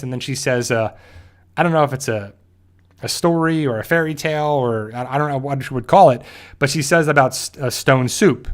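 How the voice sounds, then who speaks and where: A man's voice: medium pitch, fairly quick. A man hosting a casual show, recapping and reviewing a TV episode in a rambling way, with lots of fillers and restarts. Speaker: show host.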